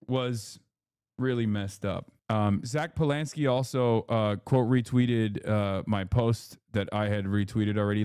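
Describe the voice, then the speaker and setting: A man's voice: on the low side, a little slow, a little mellow, clear, resonant tone, no echo, clean studio sound. A man doing live-stream political commentary, heated and indignant, with many fillers and restarts. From United States.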